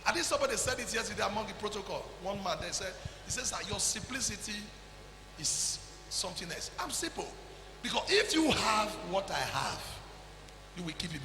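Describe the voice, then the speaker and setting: High, bright-voiced Nigerian preacher in a hall. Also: male voice, noisy background. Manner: exhorting, calls people forward, shouts at peaks. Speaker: pastor. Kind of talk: sermon.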